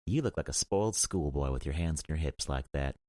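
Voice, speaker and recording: A man's voice: very deep voice, animated, a little fast, a little mellow, dry recording. Man doing stubborn young woman, sing-song, biting, audiobook, dry close sound. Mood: mocking. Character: fiery young woman, stubborn and sharp-tongued. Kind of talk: audiobook character voice.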